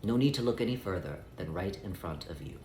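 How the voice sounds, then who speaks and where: A man giving a spiritual guidance talk, speaking as "we" in a measured way and stretching out key phrases. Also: sits low, animated, darkish tone, roomy sound, slight background noise. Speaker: spiritual teacher.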